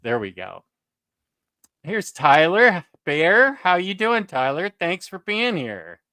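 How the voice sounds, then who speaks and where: A man hosting a live stream in relaxed, chatty talk, laughing easily between greetings. His voice is a touch high and bright. He takes his time, and the sound is dry and close. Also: slow, dry recording. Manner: laughs often, loose and chatty. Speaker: livestream host. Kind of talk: casual chat.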